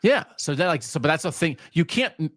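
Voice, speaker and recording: Lively, chatty man co-hosting a sports podcast. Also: a little high, fairly quick, no room sound, studio quality. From US Mid-Atlantic region. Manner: animated, rambling storyteller. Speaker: podcast co-host. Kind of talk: casual chat.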